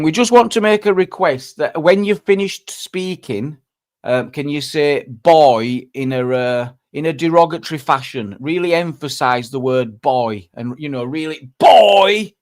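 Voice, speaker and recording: A man, hosting a casual livestream chat in a joking, teasing way. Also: a little high. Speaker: livestream host.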